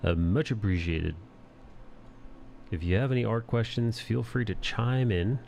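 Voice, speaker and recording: A man's voice: lowish voice, a little slow, gravelly, a little mellow, slight background noise. A man in his thirties hosting a casual live stream while he draws, rambling and joking crudely with the chat. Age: 30s. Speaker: live-stream host and artist.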